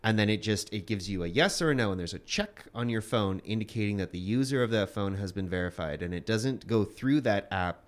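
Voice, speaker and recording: Male co-host, low voice, dry and corrective. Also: lively intonation, fairly quick, few pauses. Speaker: podcast co-host. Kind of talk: casual news chat.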